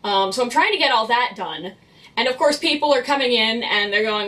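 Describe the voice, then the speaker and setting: A woman's voice: on the high side, animated, a little fast, pushed and bright, far from the mic. Blunt, exasperated young woman venting. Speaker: vlogger who works in retail cleaning. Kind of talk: venting storytime vlog.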